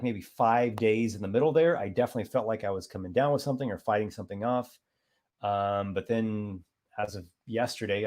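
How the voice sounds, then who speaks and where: A man's voice: lowish voice, a little mellow. A man hosting his monthly live stream, reading out viewer comments and chatting casually with many fillers. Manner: rambling, thoughtful, many fillers.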